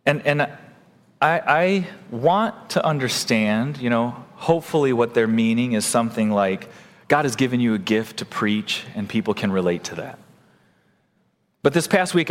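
A man preaching a sermon as pastor of a church, animated and acting out the voices he quotes. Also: medium pitch, in a large hall.

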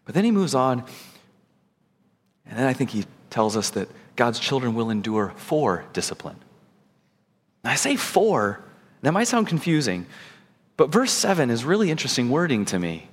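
A man preaching a sermon as pastor, earnest, moving between urgent emphasis and quiet, soft passages. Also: big pitch swings, moderate pace. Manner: earnest, swings between high urgent and low soft delivery. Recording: long hall reverb.

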